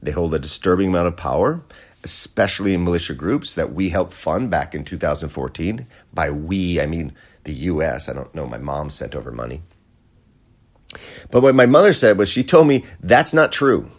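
A man with a low voice delivers a comic monologue in a sardonic tone. His pitch jumps around animatedly as he swings between loud emphatic points and quiet, muttered asides. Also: animated, normal speed.

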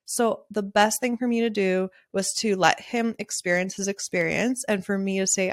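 A woman's voice: medium pitch, fairly even intonation, moderate pace, no room sound. Candid, chatty woman podcaster, dry sound. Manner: candid and chatty, laughs often, swears freely. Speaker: podcast host and wedding photographer. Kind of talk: casual solo podcast monologue.

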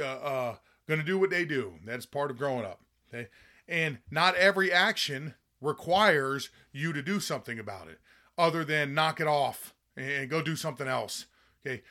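A man's voice: medium pitch, bright, forceful tone. A man hosting a commentary show, talking bluntly and sarcastically in a heated rant, often checking in with "okay?". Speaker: podcast host. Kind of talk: opinionated commentary monologue.

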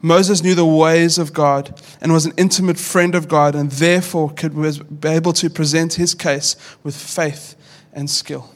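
A man's voice: on the high side, steady tone, measured pace, few pauses. A man in his thirties, a pastor preaching a sermon in an earnest, conversational way, often restarting his sentences.

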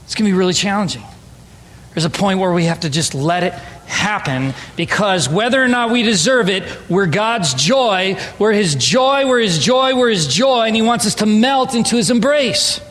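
A man's voice: high-pitched, lively intonation, normal speed, fairly bright tone, in a large hall, low-quality recording. A man from Southern California preaching a sermon to his church, talking conversationally and joking with the congregation. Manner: conversational, playful with audience. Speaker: pastor. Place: church sanctuary.

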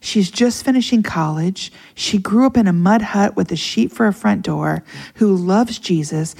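A middle-aged woman tells a story on a podcast with a gravelly edge to her voice. She talks in an animated, emotional way and brings other people's words to life as she goes. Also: mid-range voice, normal speed. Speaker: podcast guest. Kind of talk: casual storytelling conversation.

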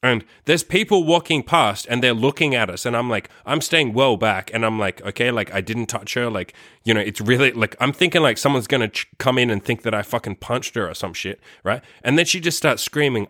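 A man's voice: mid-range voice, a little fast, hardly any pauses, pushed and bright, no echo, studio quality. A man vlogging a story in a casual, rambling way, swearing often and filling his talk with "like". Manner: rambling, profane, heavy use of "like".

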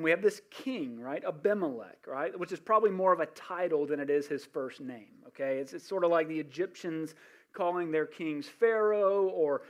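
A male pastor preaching a sermon, telling the story in an animated way with asides and restarts. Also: sits high.

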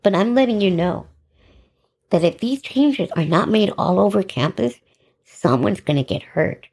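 A middle-aged woman hosting a podcast, telling her own story in an animated, sarcastic way and acting out the dialogue. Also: mid-range voice, measured pace, vocal fry, breathy edge. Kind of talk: personal storytelling monologue.

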